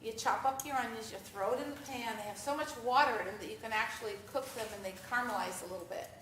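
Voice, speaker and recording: A woman giving a lively live talk and answering audience questions, speaking conversationally to the crowd. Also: on the high side, quick pace. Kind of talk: live presentation with Q&A. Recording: echoey room, mic far off, faint noise.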